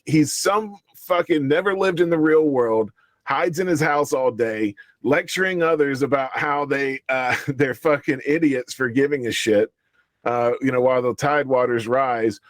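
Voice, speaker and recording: A man's voice: medium pitch, no echo. A man telling a story in casual chat, profane and heated, often laughing through his words. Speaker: show regular.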